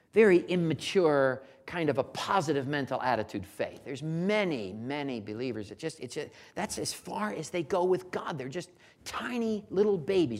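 A preacher delivering an expository sermon, swinging between loud emphatic bursts and hushed low asides, often repeating words and restarting phrases.

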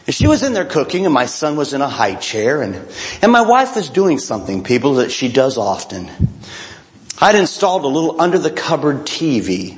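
A man telling a long humorous story to a live audience, speaking to the crowd directly and acting out little voices along the way. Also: medium pitch. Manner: chatty and self-mocking, addresses the crowd directly, acts out voices.

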